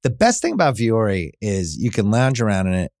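A man reading a host-read podcast advertisement in an upbeat sales pitch. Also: wildly swooping pitch, a little fast, darkish tone, no room sound, studio quality. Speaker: ad reader.

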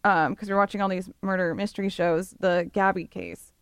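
A woman's voice: mid-range voice, fairly even intonation, moderate pace, smooth, dry recording, studio quality. A woman on a radio show telling a story in casual chat, giggling often.

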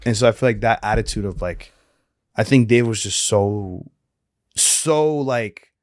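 Low-voiced man retelling Bible stories casually. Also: a little mellow, no echo, studio quality. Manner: retells stories with quick acted quotes and many fillers. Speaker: podcast co-host.

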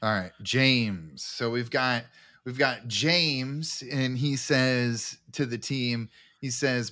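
A man co-hosting a podcast, chatting casually about a movie, laughing often and acting out its lines in excited voices. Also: mid-range voice, takes it slowly. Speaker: podcast co-host. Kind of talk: casual movie-recap chat.

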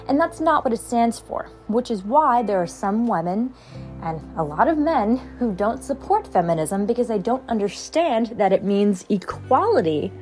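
A woman's voice: medium pitch, darkish tone. A young woman hosting a podcast, talking in a frustrated, heated casual monologue. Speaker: podcast host.

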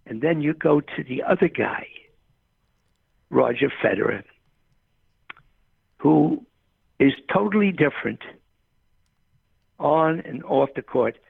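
A man's voice: on the high side, lively intonation, slow, long pauses, dry recording. An older man, a tennis coach, telling rambling stories in a phone interview, often saying the host's name. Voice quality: gravelly, husky. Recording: tinny phone line.

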